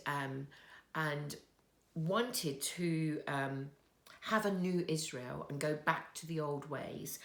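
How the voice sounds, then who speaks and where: A woman gives a gentle children's talk in a church. She speaks slowly with a low, gravelly edge. Her voice rings around a roomy, echoey space. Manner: slow, soft, storytelling with pauses. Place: church hall.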